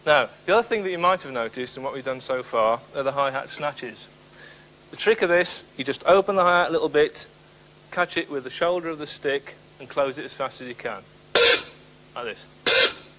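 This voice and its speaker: A male drum instructor explains each step clearly and counts beats as he demonstrates. His voice is bright and forward at a middling pitch. A faint hum runs behind it. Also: animated, a little fast, rough recording.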